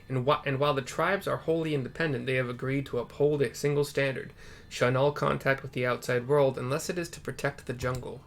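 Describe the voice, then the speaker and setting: Joking, profane man narrating gameplay. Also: medium pitch. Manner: joking, profane, self-mocking. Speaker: let's play host. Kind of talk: casual gameplay commentary.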